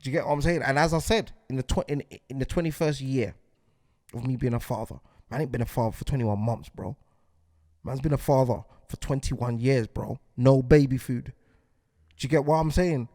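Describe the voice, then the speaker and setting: A man's voice: mid-range voice, normal speed, mellow, no echo. A man, delivering a heated podcast monologue as host, repeating himself and asking if you get what he's saying.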